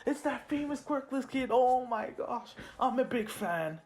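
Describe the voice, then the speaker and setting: A man's voice: extremely high pitch, lively intonation, measured pace, pitched above the performer's own voice. A man putting on a mocking young male villain who giggles and taunts in a sing-song voice.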